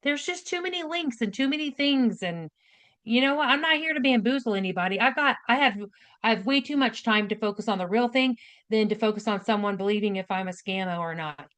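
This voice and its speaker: A woman's voice: on the high side, a little fast, fairly bright tone. A woman nurse giving a casual spoken health lesson, direct and chatty, often checking in with "right?" and "okay?". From United States. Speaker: nurse educator hosting a health class.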